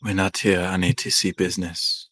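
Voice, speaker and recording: Understated low-voiced man player. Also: flat delivery, moderate pace, a bit bright, dry recording. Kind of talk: tabletop game play, in and out of character.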